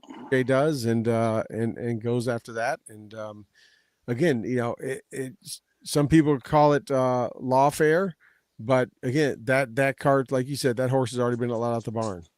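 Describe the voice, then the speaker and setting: Male panelist, mid pitch, dry close sound; rambling talker who acts out quotes. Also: steady tone, normal speed, a little mellow, dry recording. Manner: rambling, many restarts, retells scenes in quoted voices. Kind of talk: casual political chat.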